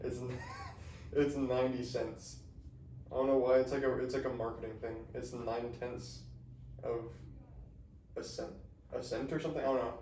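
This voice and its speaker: A man's voice: medium pitch, little pitch movement, normal speed, long pauses, dark tone. A man co-hosting a podcast, explaining things in casual bursts with some swearing. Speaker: podcast co-host. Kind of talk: casual chat. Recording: echoey room, mic at a distance, faint noise.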